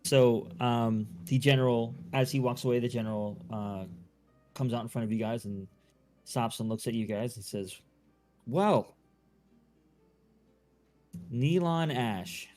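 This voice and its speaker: A man's voice: medium pitch, flat delivery, normal speed, darkish tone, faint music behind. A man running a tabletop game as game master, narrating loosely with many fillers and restarts.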